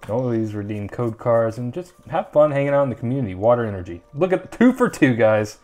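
A man's voice: mid-range voice, very animated, brisk, a little mellow. A young man hosting a casual card-opening video, chatting and rambling with lots of ums and uhs. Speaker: channel host opening trading card packs.

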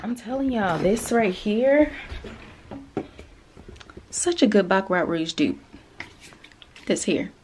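Slow, chatty woman vlogging. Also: mid-range voice, a little hiss or hum. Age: 30s. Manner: chatty and excitable, talks straight to viewers. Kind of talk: casual vlog chat. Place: at home, then in her car.

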